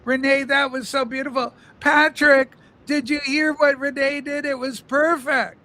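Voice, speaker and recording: A man's voice: very high voice, flat delivery, unhurried, sharp tone. A man hosting a casual livestream from his car, reading chat aloud in a mock-solemn, playfully exaggerated way. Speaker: livestream host.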